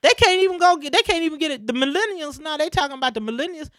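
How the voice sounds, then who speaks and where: Emphatic, animated woman in casual chat. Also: high voice, racing, dry recording, studio quality. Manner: emphatic, preachy, animated storytelling.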